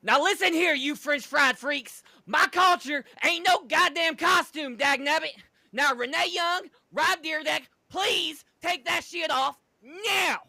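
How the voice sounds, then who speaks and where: A man voicing a furious, hot-headed country wrestler who shouts and curses in a drawl. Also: extremely high pitch, takes it slowly, creaky, no room sound, voice pushed up, heavily acted.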